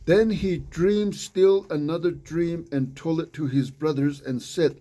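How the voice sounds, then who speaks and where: A man leading an informal Bible study in a small group, reading scripture aloud and adding unhurried conversational asides. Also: a little high, mellow, poor audio.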